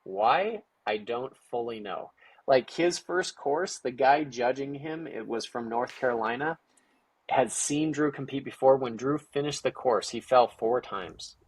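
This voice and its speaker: A man telling stories casually in an interview, lively and acting out quoted dialogue with lots of "like" fillers. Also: mid-range voice, unhurried, breathy edge, no echo. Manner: animated, acts out quoted dialogue with many "like" fillers. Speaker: guest, parent of a young ninja athlete. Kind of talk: casual storytelling conversation.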